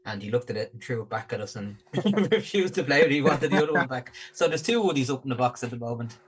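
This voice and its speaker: A middle-aged Irish man with an Irish accent telling a family anecdote in casual chat, unhurried. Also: medium pitch, expressive, slightly rough. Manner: unhurried storytelling.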